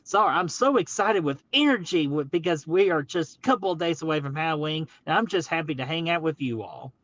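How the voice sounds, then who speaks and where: A man's voice: on the high side, expressive, a little fast, fairly bright tone. A man hosting a casual live stream, upbeat and greeting viewers in the chat one by one. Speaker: livestream host.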